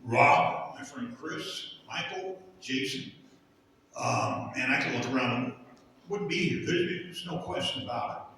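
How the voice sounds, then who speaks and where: A middle-aged man sharing his recovery testimony in a halting, rambling way with many fillers. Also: mid-range voice, lively intonation, gravelly, pushed and bright, a little hiss or hum. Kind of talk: personal testimony. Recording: echoey hall from far off.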